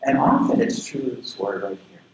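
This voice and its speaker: A man from southern Florida preaching a sermon as a pastor, telling personal stories in an earnest way. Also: moderate pace. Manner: earnest, personal storytelling with lively pitch swings. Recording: very echoey room with faint background noise.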